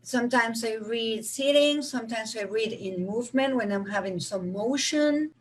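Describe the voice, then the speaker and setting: A woman's voice: fairly high pitch, normal speed, poor audio. A woman hosting a panel discussion, chatting and asking the guests questions. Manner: conversational, asks guests questions. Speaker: panel host.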